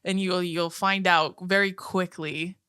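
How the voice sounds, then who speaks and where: A woman's voice: on the low side, fairly even intonation, unhurried, bright, forceful tone, clear, resonant tone. A woman in her twenties co-hosting a podcast, telling stories in casual chat and swearing freely. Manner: swears a lot, tells stories with quoted voices. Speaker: podcast co-host.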